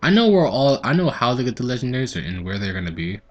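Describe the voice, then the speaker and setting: A teenage boy hosting his own gaming video, chatting casually and telling animated stories while he plays. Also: mid-range voice, fast, muffled recording. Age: teens. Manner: rambling, animated storytelling. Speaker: gaming channel host. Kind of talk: casual gameplay commentary.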